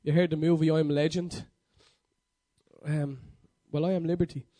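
A man delivers a sermon, piling up emphatic, repeated declarations and frequently correcting himself partway through sentences. His mellow voice is slightly high, with little pitch movement, at a moderate pace.

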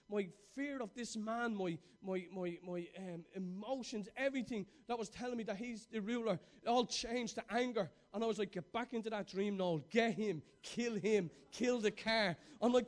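With a very high-pitched voice, this middle-aged preacher tells stories through a fervent sermon, alternating between booming bursts and quiet, hushed passages.

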